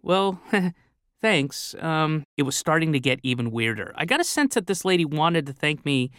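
A man telling a comic story in a goofy, excitable, naive way. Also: fairly high pitch, a little fast, clean tone, no room sound, studio quality. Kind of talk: comic monologue.

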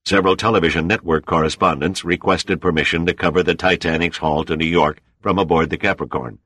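A man's voice: sits low, steady tone, a little fast, fairly bright tone, breathy edge, dry recording. A man voicing an older admiral in an audiobook, commanding but kindly. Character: gruff older male admiral, fatherly.

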